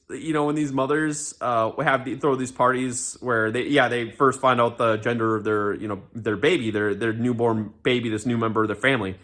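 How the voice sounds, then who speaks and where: A man's voice: medium pitch, bright, forceful tone. A young man ranting in casual commentary, sarcastic and profane, mocking with lots of fillers and restarts. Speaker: commentary ranter.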